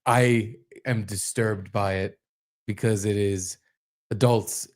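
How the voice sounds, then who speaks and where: A man's voice: lowish voice, steady tone, takes it slowly. A man co-hosting a comedy podcast, swearing freely and joking while reacting to videos. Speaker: podcast co-host. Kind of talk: casual comedic banter.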